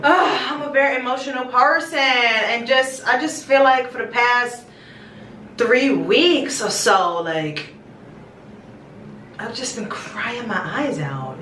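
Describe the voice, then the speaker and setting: A woman's voice: fairly high pitch, a bit bright, a little hiss or hum. A young woman vlogging in a small bathroom, chatting to her viewers in a rambling, affectionate way and calling them her babies. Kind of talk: casual chat to camera. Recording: echoey bathroom, distant mic.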